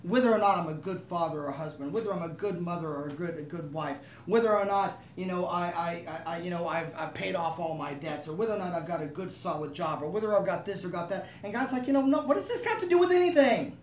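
A man's voice: a little high, quick pace, hardly any pauses, slight background noise. Echoey distant man preaching. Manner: conversational, asks the room for agreement. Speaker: pastor. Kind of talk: sermon.

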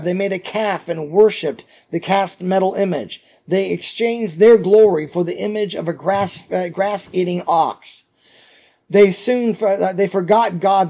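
A man's voice: sits high, mellow. A male pastor reading scripture aloud and stopping to explain it in a sermon, with many fillers and restarts.

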